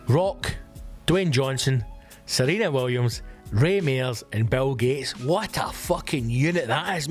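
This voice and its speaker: A Scottish man hosting a solo comedy podcast, swearing and ranting in an excitable, animated way. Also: medium pitch. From Scotland. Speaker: podcast host.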